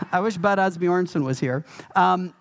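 A man preaching a sermon as pastor, emphatic and animated, with touches of humor. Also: high-pitched, slow.

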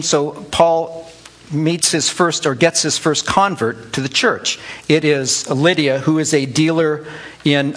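A middle-aged man, a pastor, giving an informal Bible teaching to a church group, conversational and calling on listeners by name. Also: on the high side. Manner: conversational, addresses listeners by name, animated asides.

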